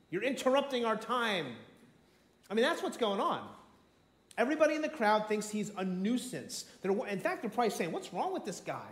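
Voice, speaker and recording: Male pastor, high voice, theatrical storyteller, echoey sanctuary sound. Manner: dramatic storytelling, acts out voices, swings from shouts to near whispers. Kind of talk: sermon. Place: church sanctuary. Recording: echoey church room.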